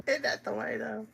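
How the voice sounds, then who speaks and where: A woman's voice: a little high, creaky, slight background noise. A woman hosting a live stream, chatting casually with viewers as she colors, laughing often and slipping into whispers while she works. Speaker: livestream host.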